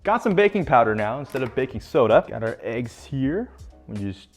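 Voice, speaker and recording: A young man talking through a home bake in a casual cooking vlog. His voice sits at an ordinary middle pitch, and he rambles along with jokey, self-mocking asides. He sounds like someone filming in his own kitchen. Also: big pitch swings, normal speed, faint music behind. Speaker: home cook vlogger.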